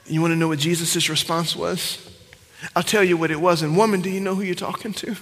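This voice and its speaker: A man preaching a sermon to his congregation, swinging between loud emphatic cries and hushed whispers. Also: high voice, fairly even intonation, fast. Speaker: pastor. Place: church sanctuary. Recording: long church hall reverb.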